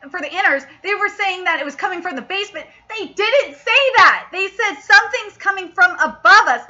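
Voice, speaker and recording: A young woman hosting a casual anime review, excitable and swearing freely as she rants in frustration. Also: extremely high pitch, muffled recording. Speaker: anime reviewer, channel host.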